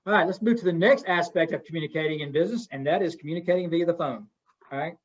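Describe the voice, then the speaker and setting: A man's voice: fairly high pitch, very fast. A middle-aged man giving an interactive communication workshop in a folksy way, asking his audience questions. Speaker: webinar presenter. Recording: dull lo-fi webinar audio.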